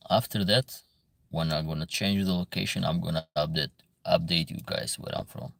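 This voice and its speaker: Gravelly man lecturing his chat. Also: low voice, steady tone, moderate pace, a bit bright, dry recording. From Albania. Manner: earnest, lecturing, broken English. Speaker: livestream host reading chat. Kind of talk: casual livestream chat.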